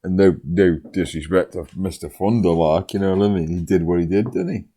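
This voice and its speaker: A man's voice: low voice, a little fast, mellow, breathy edge. A man co-hosting a casual chat, joking and laughing a lot, swearing often. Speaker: co-host.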